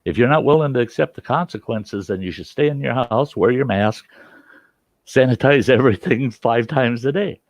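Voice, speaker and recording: Forceful, insistent American man. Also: medium pitch, normal speed, no echo. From United States. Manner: forceful, insistent, repeats his points. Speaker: host. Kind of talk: heated casual debate.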